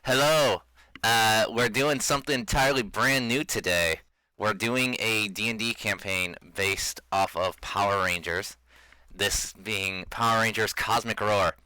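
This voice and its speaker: A man's voice: fairly low pitch, measured pace, sharp tone, smooth, no echo, low-quality recording. A man hosting and running a casual tabletop game, laid-back, with lots of fillers and laughs. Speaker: game master and host.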